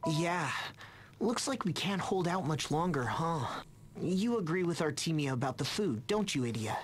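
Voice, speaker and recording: An actress playing a calm, level-headed female party member in a video game. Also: sits low, normal speed, a little hiss or hum.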